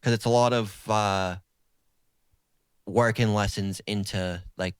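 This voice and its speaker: A man's voice: on the low side, slow, clean tone, no room sound. A man in his twenties from South Boston with a strong Boston accent, chatting casually as a podcast guest and dropping "like" everywhere. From South Boston, USA. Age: 20s. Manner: relaxed, filler-heavy talk with many "like"s. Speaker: podcast guest, therapist and rapper. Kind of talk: casual interview chat.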